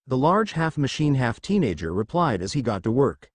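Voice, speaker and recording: A man narrating a fan fiction story aloud in an even reading voice, with his own asides. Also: mid-range voice, moderate pace, few pauses, no echo.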